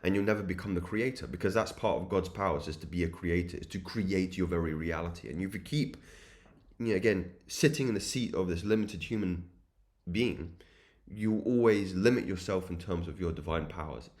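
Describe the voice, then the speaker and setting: Deep-voiced man preaching self-improvement. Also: a little fast, a little mellow. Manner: earnest, repetitive, preachy cadence. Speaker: self-improvement channel host. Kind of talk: spiritual motivational monologue.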